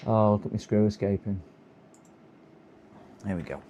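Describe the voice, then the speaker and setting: A man's voice: on the low side, steady tone, normal speed, dark tone, dull audio, slight background noise. A tired man with a sore throat, chatting and muttering to himself on a live stream while he repairs a computer. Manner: muttering to himself, chuckling, hopeful coaxing. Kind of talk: casual live-stream commentary while working.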